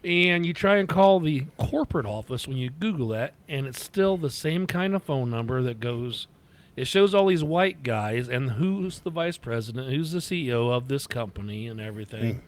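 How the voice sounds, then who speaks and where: A man's voice: medium pitch, lively intonation, normal speed. A man co-hosting a casual podcast from home, ranting bluntly and swearing freely. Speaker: podcast co-host, trucker. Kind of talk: casual chat.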